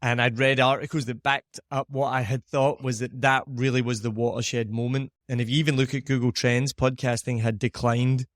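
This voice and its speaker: A man's voice: medium pitch, level tone, normal speed, hardly any pauses, no echo, clean studio sound. A man with a Scottish accent, a podcast host, chatting casually and telling anecdotes with frequent laughter. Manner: chatty storyteller, laughs often.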